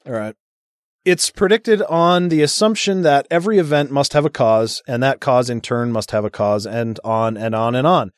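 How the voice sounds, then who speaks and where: A man's voice: medium pitch, moderate pace, no room sound, clean studio sound. A man co-hosting a casual podcast chat, reading out an argument and adding sarcastic, profane asides. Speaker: podcast co-host.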